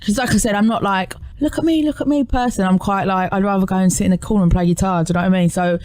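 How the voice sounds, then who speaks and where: A woman, a singer chatting as a radio interview guest, telling rambling stories with sudden jumps in pitch. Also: rapid-fire, clear, resonant tone, dry recording. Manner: animated, rambling storytelling with lively pitch jumps. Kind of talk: casual interview chat. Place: radio studio.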